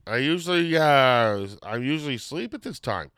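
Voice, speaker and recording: A man hosting a podcast in casual chat, rambling and excitable, often losing his train of thought. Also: mid-range voice, moderate pace, hardly any pauses, smooth, dry recording. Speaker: podcast host.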